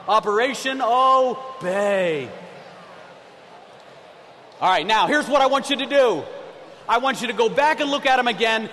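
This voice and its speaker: A man's voice: very high-pitched, sharp tone, a little hiss or hum. A middle-aged man preaching a sermon as a missionary, telling stories and leading the congregation in call-and-response. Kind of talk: sermon with storytelling. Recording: long hall reverb.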